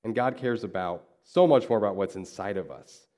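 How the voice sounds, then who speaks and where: A pastor in a church preaches conversationally, telling a story and acting out the quoted dialogue. His voice is lowish and dark in tone, a little fast.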